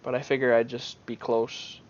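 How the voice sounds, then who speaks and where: A man's voice: mid-range voice, flat delivery, normal speed, muffled recording, slight background noise. Offhand man narrating his gameplay. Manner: offhand, thinking aloud with many restarts. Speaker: gamer commenting on his own match. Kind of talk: gameplay commentary.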